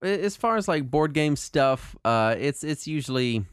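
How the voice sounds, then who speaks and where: A man co-hosting a casual podcast chat, talking in a rambling, animated way with lots of fillers and restarts. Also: on the high side, normal speed, clean tone, dry recording, studio quality. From Texas. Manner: rambling, animated, puts on silly voices when quoting people. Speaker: podcast co-host.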